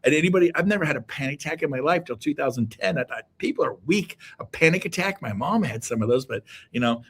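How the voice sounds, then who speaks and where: This middle-aged man has a husky, medium-pitched voice and talks fast. As a guest on an interview show, he gives an emphatic, high-energy motivational speech full of repeated exhortations.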